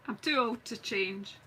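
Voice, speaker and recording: This middle-aged Scotswoman speaks a little high, with a bright, forceful tone, while showing viewers how she makes cards on a live stream. She talks as she works and jokes at her own expense. The audio is low quality, with some hiss or hum.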